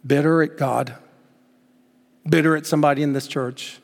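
A man preaching a sermon emphatically, swinging between loud exclamations and hushed words. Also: a little high, steady tone, moderate pace, creaky. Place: church sanctuary. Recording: long reverb of a church hall.

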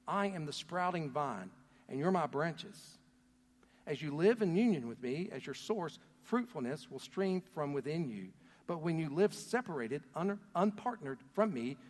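A man preaching a sermon, telling a story earnestly, his voice swelling loud and then dropping to a near hush. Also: on the high side. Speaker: pastor. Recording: long hall reverb.

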